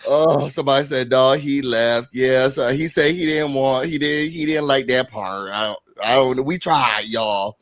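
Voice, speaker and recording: A man's voice: mid-range voice, fairly even intonation, moderate pace, hardly any pauses, fairly bright tone, no echo, studio quality. A man from Rochester, New York, with a Midwestern accent, casually hosting a live recap stream and teasing his guests. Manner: playful, teasing, reads out super chats. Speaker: host.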